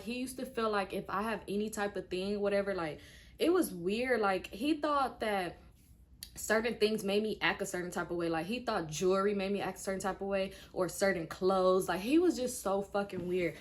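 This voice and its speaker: A woman's voice: medium pitch, moderate pace. A woman in her twenties telling a personal story to her viewers in a casual, frank way. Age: 20s. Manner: animated retelling that acts out quoted speech; frank and conversational, speaking to viewers directly. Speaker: vlogger.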